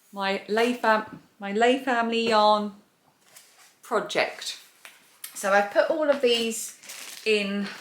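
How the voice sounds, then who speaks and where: A woman's voice: medium pitch, a bit bright, slight background noise. A woman hosting a crochet and knitting podcast. She chats casually while showing yarn and laughs at her own poor memory. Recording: echoey room.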